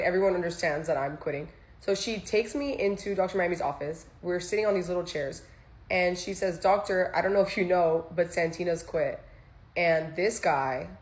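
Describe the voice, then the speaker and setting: Animated young woman telling a story. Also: on the low side. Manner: animated, profane, restarts sentences. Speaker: former social media content creator. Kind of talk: casual storytime monologue.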